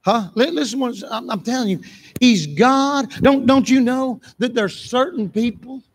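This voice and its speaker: A man preaching a sermon in church, impassioned, repeating phrases for emphasis and breaking into shouts. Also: extremely high pitch, unhurried, slightly rough.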